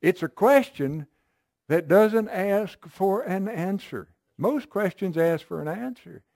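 A man's voice: sits high, animated, slow, gravelly, darkish tone, no echo, clean studio sound. A man preaching a sermon, reading Bible verses and explaining them in an emphatic, conversational way, often checking with listeners.

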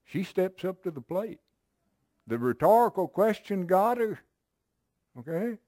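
A man's voice: high-pitched, sing-song, unhurried, warm tone, no echo, clean studio sound. A man preaching a sermon, reading Bible verses and explaining them in an emphatic, conversational way, often checking with listeners.

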